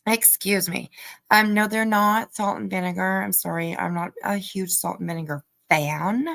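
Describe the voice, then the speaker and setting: Gravelly-voiced woman chatting on stream. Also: medium pitch, fairly even intonation, unhurried, dry recording. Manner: chatty, laughing, talks to chat while eating. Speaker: livestream host. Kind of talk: casual livestream chat.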